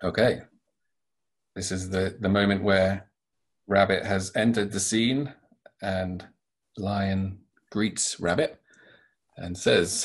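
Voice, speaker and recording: A man, a children's author, being interviewed and answering in a thoughtful, halting way. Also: low voice, steady tone, slightly rough. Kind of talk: interview conversation.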